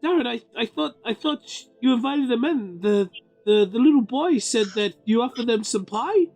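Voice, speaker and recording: A man's voice: extremely high pitch, animated, normal speed, a little mellow, soft background music, exaggerated voice. A man doing an anxious woman of the house. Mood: pleading.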